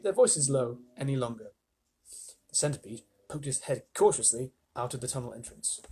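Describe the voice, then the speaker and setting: A man reading a children's storybook aloud to live listeners, animated, with chatty asides. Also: mid-range voice, normal speed, noisy background.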